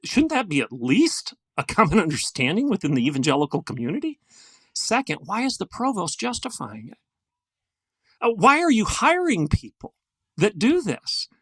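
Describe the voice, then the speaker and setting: An older man with a gravelly voice, a guest telling a story in an earnest, emphatic way in a podcast interview. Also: high voice, huge pitch swings, normal speed, a bit bright, no room sound. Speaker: guest, former university president.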